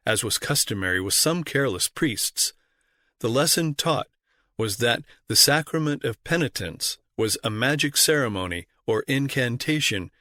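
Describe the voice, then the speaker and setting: A man reading a history audiobook aloud in a measured, formal narration style. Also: medium pitch, pushed and bright, no echo, studio quality. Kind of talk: scripted narration.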